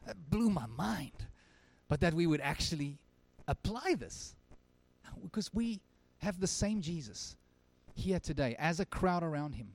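A man preaching a sermon to his church, his voice sitting a little high for a man. He talks earnestly, rising to stress a point and then dropping almost to a hush. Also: animated, a little slow, dry recording. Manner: earnest, swinging from emphatic to very quiet. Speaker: pastor. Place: church service.

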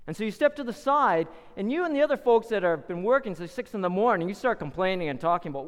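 A man preaches a sermon and tells the story with dramatic flair, acting out the voices of the people in it. His voice sits high and swings widely in pitch. A long hall reverb trails behind every phrase. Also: expressive, fast, hardly any pauses.

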